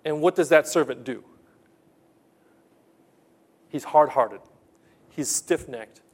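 Earnest male preacher, unhurried, fairly high-pitched, repeats points for emphasis. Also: husky. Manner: earnest, questioning the congregation, repetitive emphasis. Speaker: pastor. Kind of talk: sermon.

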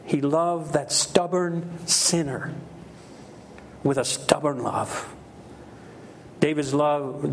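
A middle-aged man preaching a sermon in a slightly higher-than-usual voice. He stresses his words, repeats key phrases, and acts out quoted voices. A faint hiss of noise sits behind him. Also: creaky. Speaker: pastor.

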